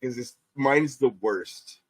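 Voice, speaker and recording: A man's voice: medium pitch, slow, slightly rough. A man co-hosting a podcast in casual chat, blunt and joking, swearing often. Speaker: podcast co-host.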